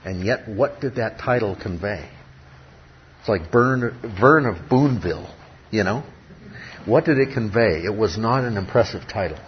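A man's voice: fairly low pitch, expressive, measured pace, a little hiss or hum. A man teaching from the Bible. He stresses key words by repeating them and throws rhetorical questions at his listeners. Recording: dull lo-fi recording with faint ambience.

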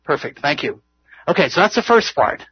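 A man leads an informal Bible study, earnest and rambling, chuckling at his own failings as he talks. His voice is somewhat husky and sits a little high. The recording is dry and slightly dull. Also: sing-song, brisk, no room sound. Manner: earnest, rambling, laughs often. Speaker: Bible teacher.

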